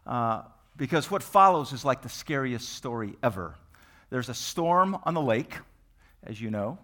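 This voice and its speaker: Animated preacher man, bright voice. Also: medium pitch. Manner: animated storytelling, acting out scenes. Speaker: pastor. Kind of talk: sermon.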